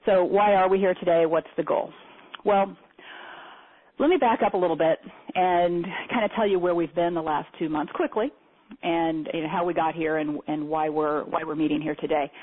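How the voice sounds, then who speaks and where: A woman's voice: low-pitched, fairly even intonation, a little fast. A woman hosting a live meeting on a call, talking in a chatty, rambling way with many fillers and restarts. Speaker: meeting host. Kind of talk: casual spoken presentation. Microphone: phone or conference line. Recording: tinny phone line.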